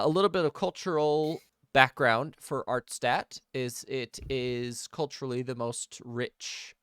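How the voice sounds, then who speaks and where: A man as game master, narrating and explaining a tabletop game world in a relaxed way with many pauses. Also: medium pitch, clean tone, no room sound, studio quality.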